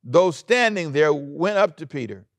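A man pastor preaching a sermon in an animated way, acting out quoted lines and chuckling often. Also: fairly high pitch, unhurried, dry recording, clean studio sound.

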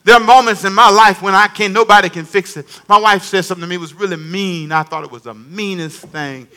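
Male pastor, high bright voice, lively humorous preaching with call-and-response. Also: quick pace. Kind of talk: sermon.

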